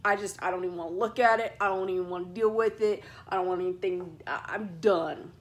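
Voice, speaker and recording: Woman hosting a chat show, super animated, jumps way up high when she acts stuff out. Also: fast, a little hiss or hum. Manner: animated, dramatic, acts out scenes in high squeals. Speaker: podcast host. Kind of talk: casual chat.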